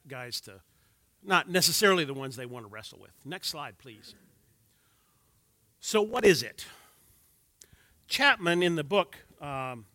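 A man's voice: a little high, bright, forceful tone, no room sound. A man in his sixties teaching a church class on marriage from slides, with wry joking asides to the audience.

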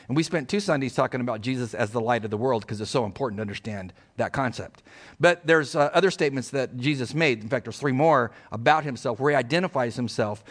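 A middle-aged pastor with a medium-pitched voice preaches an emphatic, animated sermon. He puts rhetorical questions to his congregation.

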